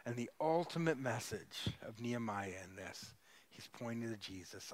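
A man's voice: medium pitch, expressive, normal speed. Guest preacher, man, middle-aged, storytelling sermon, emphatic swells. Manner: storytelling preacher, emphatic, rising to loud peaks. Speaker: guest pastor.

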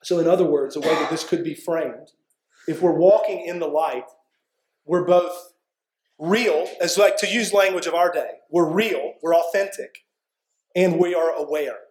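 A man delivers a sermon in an earnest, conversational way, with a fairly high voice for a man. He often pauses to check in with his listeners. The sound is roomy and echoey. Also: darkish tone. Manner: earnest, conversational preaching with frequent "right?" asides. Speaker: pastor.

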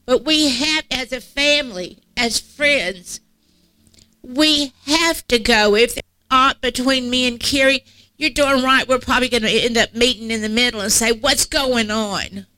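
Tearful woman preaching, bright and dry. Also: high voice, normal speed, no room sound. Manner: emphatic, repetitive preaching cadence. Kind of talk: sermon. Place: church sanctuary.

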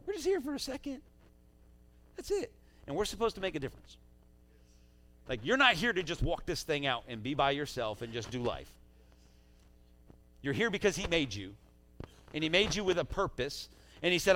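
A man preaching a sermon as pastor, swinging between loud urging and quiet asides in a church sanctuary on a stage mic. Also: on the high side, sing-song, normal speed, pauses often.

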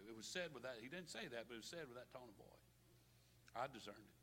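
A man's voice: medium pitch, expressive, fast, pushed and bright. An older man preaching a sermon as pastor, impassioned and folksy, often repeating words. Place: church sanctuary. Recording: long hall reverb, faint noise.

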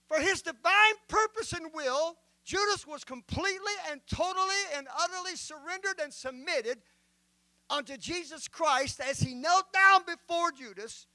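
A man preaching a sermon as a bishop, reading scripture slowly and dramatically. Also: very high-pitched, pushed and bright, no echo.

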